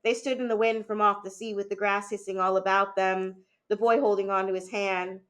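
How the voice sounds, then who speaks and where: Here a female teacher with a mid-range voice reads a novel aloud. She keeps things even and deliberate, apart from occasional small fillers and restarts.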